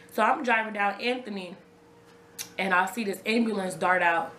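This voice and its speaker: Recounting her own story to camera, a young woman speaks casually and conversationally to viewers and tends to repeat herself in this raw storytelling. Her mid-range voice is steady, slightly bright and unhurried with frequent pauses, heard in an echoey room with slight background noise.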